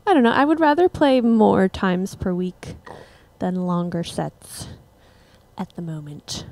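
A young woman musician casually chatting with her livestream viewers between songs, relaxed and rambling. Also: mid-range voice, a little slow, no echo. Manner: relaxed, rambling, laughs at herself.

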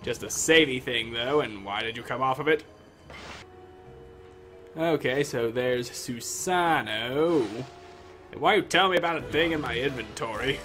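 A man's voice: mid-range voice, unhurried, pushed and bright, soft background music. A man giving casual, sarcastic commentary while playing through a video game. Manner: sarcastic, joking asides. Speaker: gamer commentator.

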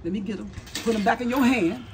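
A man's voice: extremely high pitch, fast talker, a little hiss or hum. Older preachy mother-in-law, folksy and scolding, voiced by a man. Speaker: comedy sketch actor.

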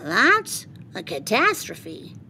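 A woman's voice: huge pitch swings, drawn-out words, vocal fry, bright, forceful tone, slight background noise, full character voice. A woman voicing a dramatic, whiny young boy in a storybook read-aloud, pleading and bargaining theatrically. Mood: stubborn. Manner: pleading, theatrical, high-pitched.

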